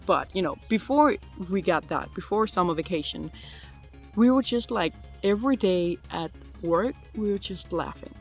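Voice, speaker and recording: A woman's voice: on the low side, expressive, normal speed, soft background music. Giggly chatty woman in her twenties. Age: 20s. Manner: chatty and giggly, full of "like" fillers. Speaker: vlogger answering viewer questions. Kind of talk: casual chat. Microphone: phone.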